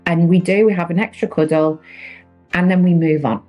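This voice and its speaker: A woman's voice: on the low side, fairly even intonation, normal speed, mellow, faint music behind, poor audio. A woman in her thirties, a podcast guest, telling her own story in an earnest, reflective way during a candid conversation.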